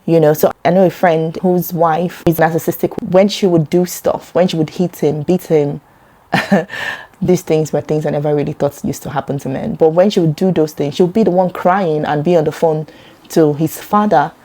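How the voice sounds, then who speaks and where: A Nigerian woman with a fairly low, mellow voice speaks earnestly to camera in a personal vlog. She turns animated and lively whenever she acts out what other people said. Her tone stays warm and unhurried. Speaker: vlogger.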